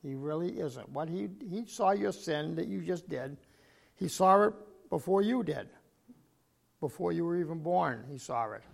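Gravelly older man preaching a sermon. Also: a little high. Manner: frequent throat clearing, emphatic bursts.

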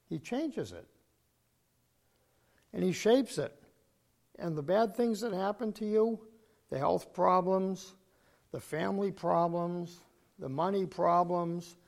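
An older man preaching a sermon, clearing his throat often and punching key words with sudden emphasis. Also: high voice.

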